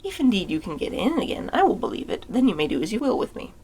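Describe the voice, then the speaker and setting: Woman voicing an earnest young schoolboy, storybook tale, slightly gravelly. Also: medium pitch, very animated, fast talker, darkish tone. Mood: firm. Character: clever young schoolboy, eager and polite.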